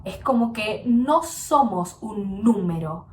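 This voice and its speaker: A woman, speaking slowly and deliberately in a language-learning video. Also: medium pitch, expressive, darkish tone. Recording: echoey, distant clip played back.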